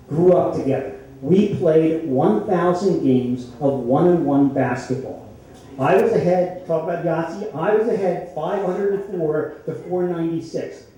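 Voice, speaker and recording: An older man from the Philadelphia area telling a true story on stage at a story slam, conversational and wry with deadpan punchlines. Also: a little high. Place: stage in an echoey hall with an audience. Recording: echoey hall, distant mic, faint noise.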